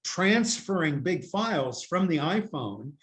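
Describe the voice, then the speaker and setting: An older man from the United States tells long, wandering stories in a casual interview, poking fun at himself and leaning on "you know." His voice sits a little higher than most men's, and it comes through a laptop's built-in microphone. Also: big pitch swings, slow, a bit bright. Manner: rambling, self-mocking storyteller with many "you know"s. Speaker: interview guest. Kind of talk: casual video-call interview chat. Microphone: laptop camera microphone.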